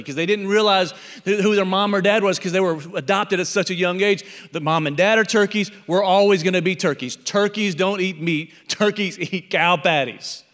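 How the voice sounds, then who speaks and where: High-voiced pastor in a reverberant hall. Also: male voice, fairly bright tone. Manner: storytelling, acting out animal characters in the parable. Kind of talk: sermon.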